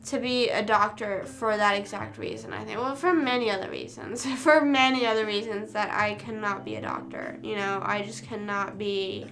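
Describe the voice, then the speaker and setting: A woman's voice: mid-range voice, steady tone, moderate pace, hardly any pauses, a bit bright, soft background music. A young woman streamer rambling casually to her live chat, self-deprecating and often trailing off. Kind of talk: casual chat with livestream viewers.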